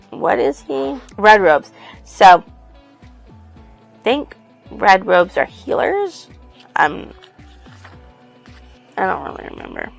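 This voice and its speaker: A woman with a gravelly, fry-edged voice at an ordinary middle pitch recaps a novel in a loose, rambling way. She drifts through fillers and casual cursing as she reviews it. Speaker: book reviewer. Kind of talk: casual book review retelling.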